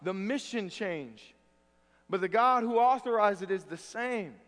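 High-voiced preacher in a reverberant hall. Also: male voice, a little slow. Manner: earnest, wry humor, swings between loud emphasis and soft asides. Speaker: pastor. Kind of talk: sermon.

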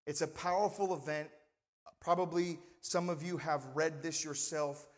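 A man's voice: a little high, steady tone, moderate pace, in a large hall. A male pastor preaching a sermon in a conversational manner, often asking the congregation for responses. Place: church sanctuary.

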